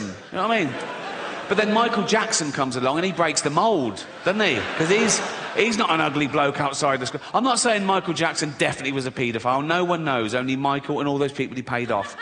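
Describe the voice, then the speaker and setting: A man's voice: on the high side, lively intonation, brisk. A man with an English accent doing a stand-up routine, chatty, teasing the crowd and laughing at his own jokes. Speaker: stand-up comedian. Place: large concert hall on stage. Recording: echoey hall, live audience noise.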